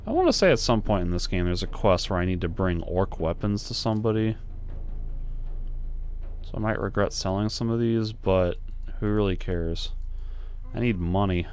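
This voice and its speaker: A man's voice: on the low side, animated, normal speed, pauses often, darkish tone, a little hiss or hum. A man giving casual commentary while playing a video game, thinking aloud and musing as he goes. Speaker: let's play streamer.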